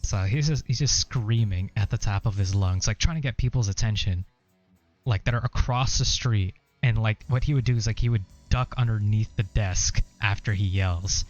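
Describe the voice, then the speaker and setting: A man's voice: fairly low pitch, moderate pace, darkish tone, highs cut off, soft background music. A young man telling a story in a casual, rambling way while he plays, with many "like" and "uh" fillers. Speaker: gaming streamer. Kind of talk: casual storytelling over gameplay.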